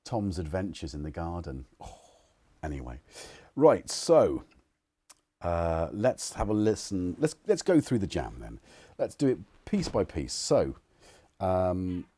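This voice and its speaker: A man's voice: low-pitched, very animated, slow, mellow, husky. A man hosting a casual home livestream, rambling and chuckling as he chats to viewers and his cats. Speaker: livestream host. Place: living room at home.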